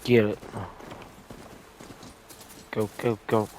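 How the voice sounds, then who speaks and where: A young man hosting casual let's-play commentary. He is chatty and easily excited, and has the hiccups. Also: fairly low pitch, very slow, slight background noise. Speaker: gaming video host. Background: game ambience and horse hooves.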